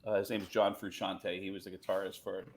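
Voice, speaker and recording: A male comedian telling animated anecdotes in casual chat over a video call, dropping into quick impressions. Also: low voice. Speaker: comedian guest.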